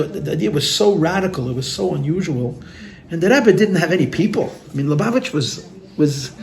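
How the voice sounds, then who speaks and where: Earnest rabbi telling heartfelt stories. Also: male voice, a little high, vocal fry, a little hiss or hum. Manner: earnest, heartfelt storytelling with repeated words; sprinkles in Yiddish and Hebrew terms. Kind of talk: storytelling talk at a gathering. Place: room with listeners.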